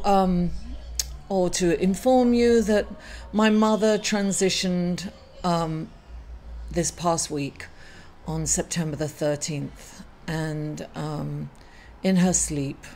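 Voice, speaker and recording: A woman's voice: fairly low pitch, a little mellow. Emotional, hesitant woman reading astrology. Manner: hesitant, many fillers and apologies. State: emotional and grieving. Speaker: astrology reader and channel host. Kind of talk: weekly astrology reading to camera.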